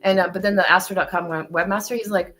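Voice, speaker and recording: A woman co-hosting a casual stream, animated as she tells her story, swearing often and acting out her own lines. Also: medium pitch, fast, soft background music, low-quality recording. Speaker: stream co-host. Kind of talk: casual chat.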